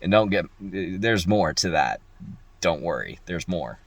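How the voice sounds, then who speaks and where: A young locksmith tells a story from work in a low, unhurried voice with vocal fry. He's casual and profane, animated, and mimics the voices of the people he quotes.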